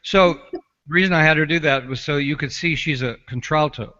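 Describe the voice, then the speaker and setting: A man working as a vocal coach, calmly explaining technique in casual chat over a video call. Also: on the high side, a little fast. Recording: dull lo-fi call audio.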